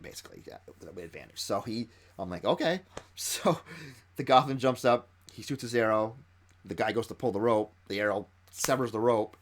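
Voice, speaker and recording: A man who ran a tabletop game explains how he built an encounter, retelling it in an excited, stop-and-start way. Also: on the low side. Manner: excited storytelling with frequent restarts. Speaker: game master.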